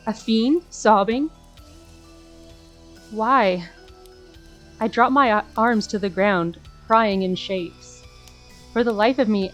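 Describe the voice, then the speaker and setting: A woman voices an unhinged female demon who has been trapped for centuries. She is bitter and tormented, with dramatic lurches from despair to shouted curses. Soft game music plays underneath. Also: medium pitch, natural voice. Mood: sobbing. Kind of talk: reading a visual novel aloud.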